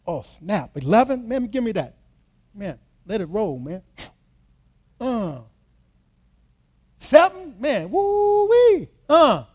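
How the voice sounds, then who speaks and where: A preacher doing a brash, high-pitched dice gambler. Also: male voice, big pitch swings, takes it slowly, pauses often, breathy edge, heavily acted. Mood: hyped. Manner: loud, cocky hollering. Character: excited man gambling at dice, brash and taunting.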